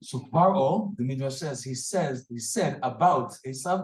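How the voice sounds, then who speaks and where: A man giving a lively Torah class, acting out stories and laughing at his own jokes. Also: on the high side, moderate pace, few pauses. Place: hall or synagogue with audience. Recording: echoey room.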